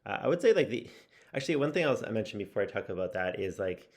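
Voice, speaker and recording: A fast-talking native English speaker with a lowish, darkish voice and big swings in pitch gives a casual video update on his language study. This vlogger rambles and muses in a self-reflective way, full of fillers and restarts.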